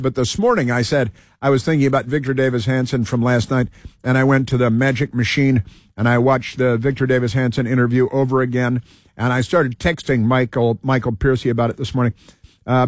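A man's voice: mid-range voice, no room sound, studio quality. A man hosting a talk show, delivering a rambling, heated political monologue full of fillers and restarts.

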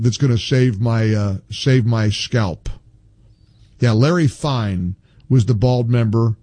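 A man's voice: mid-range voice, dark tone, no echo. A middle-aged man hosting a call-in radio talk show, rambling and wry, his voice jumping up when he gets exasperated.

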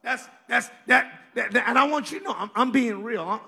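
A man's voice: very high voice, a little fast, vocal fry, pushed and bright, slightly rough. A male pastor from Kansas with a country accent, preaching a sermon with emphatic repetition and fillers. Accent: rural Kansas.

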